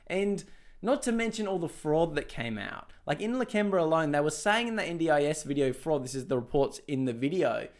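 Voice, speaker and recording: An Australian man ranting sarcastically in a reaction commentary vlog, laughing often and swearing, seated at home. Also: a little high. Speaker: political commentator. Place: home dining room, seated.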